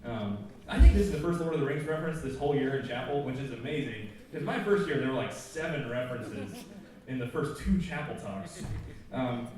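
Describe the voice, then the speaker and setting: A man speaks in a casual, joking way to a school audience, full of asides. His voice is mellow and dark. It booms around a big echoey auditorium, caught from a distance with faint noise underneath. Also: lively intonation, fairly quick. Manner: conversational and joking, with many asides. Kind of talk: informal chapel talk.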